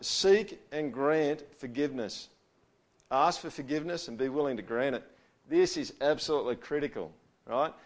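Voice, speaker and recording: A middle-aged man, giving a conversational talk to an audience on handling conflict. He acts out sample apologies and often checks in with "all right?". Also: medium pitch.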